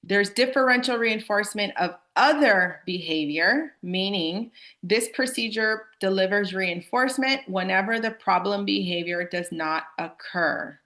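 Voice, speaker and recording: Speaking a little slowly in a medium-pitched, slightly bright voice, a young adult woman runs a live staff training about student behavior. Her manner is relaxed and conversational, and she addresses listeners as "you guys."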